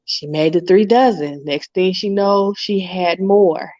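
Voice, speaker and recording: A woman's voice: fairly low pitch, a little slow, no room sound, muffled recording. A middle-aged woman, a guest author and entrepreneur, chatting in an interview and acting out the voices of people in her stories. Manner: lively storyteller, acts out quoted voices, laughs often. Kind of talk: casual interview chat.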